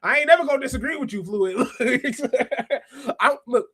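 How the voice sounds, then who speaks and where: A man hosting a wrestling review podcast, chatting casually and slangily, reading out chat comments and bursting into laughs and shouts. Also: very high-pitched, fast talker, slightly rough, no echo. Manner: excitable, laughs often and breaks into shouts; slangy, talks straight to chat readers. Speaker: podcast host.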